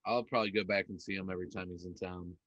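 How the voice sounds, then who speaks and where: A man's voice: sits low, fairly even intonation, very fast, a bit bright, no echo, lo-fi sound. A man co-hosting a podcast in casual chat, easygoing and enthusiastic. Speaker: podcast co-host.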